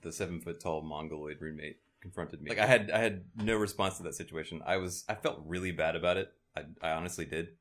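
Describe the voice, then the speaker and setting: A low-voiced man with a bright, forward tone tells a crude story in relaxed podcast chat. He swears freely and grows loud and animated as the story builds. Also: fast talker, few pauses. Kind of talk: casual chat.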